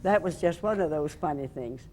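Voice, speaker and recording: An older woman from Alabama, telling lively stories about her past as a radio host and reporter in an interview. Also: sits low, moderate pace, a little hiss or hum. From Alabama, USA. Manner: lively storyteller who acts out the voices in her anecdotes. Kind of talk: storytelling reminiscence.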